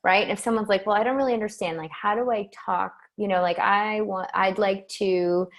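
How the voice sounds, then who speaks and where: A woman's voice: mid-range voice, steady tone, a little fast. A woman hosting a conversational interview, feeling her way through questions, restarting phrases and adding "right?" to check in. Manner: searching, restarts phrases, adds "right?" often. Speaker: host.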